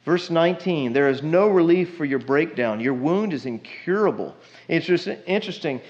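A man's voice: on the high side, expressive, normal speed, darkish tone. Guy preaching, chatty and emphatic, kinda muffled church recording. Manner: conversational, emphatic, asks the congregation questions. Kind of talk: sermon.

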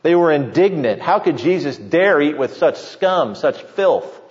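A pastor delivering a sermon with emphatic preaching, slowing down to stress key points. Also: male voice, fairly high pitch, animated. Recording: muffled sound with long hall reverb.

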